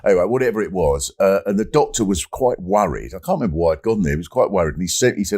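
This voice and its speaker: A man's voice: deep voice, animated, fast talker, hardly any pauses, darkish tone. A man hosting a comedy talk show, telling rambling anecdotes and laughing at his own stories. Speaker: comedian and host. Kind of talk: casual comic chat.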